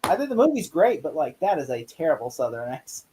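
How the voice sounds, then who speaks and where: A man in casual chat at a movie watch party, animated and argumentative, swearing freely. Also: fairly high pitch, quick pace, a little hiss or hum, low-quality recording.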